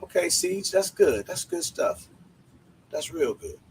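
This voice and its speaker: A man's voice: fairly high pitch, very animated, takes it slowly, gravelly, slight background noise, poor audio. A man hosting a casual livestream, greeting viewers by name in laid-back slang. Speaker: livestream host.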